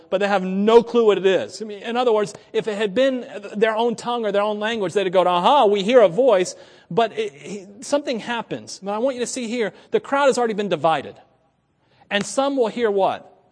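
A male pastor delivers an impassioned sermon in a noticeably high voice. He drops to quiet, confiding asides and then builds to loud, emphatic stretches. His voice rings with the long reverb of a church hall.

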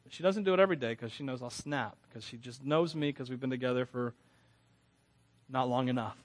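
A man's voice: medium pitch, a little fast. A man giving a conversational sermon, candid and self-deprecating, often laughing between phrases and restarting words when earnest. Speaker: preacher.

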